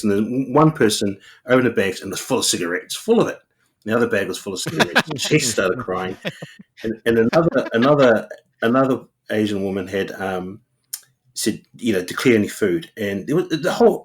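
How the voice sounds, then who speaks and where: A man, a guest comedian rambling through anecdotes in casual chat. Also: fairly low pitch. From New Zealand. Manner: rambling anecdotes, acts out quotes.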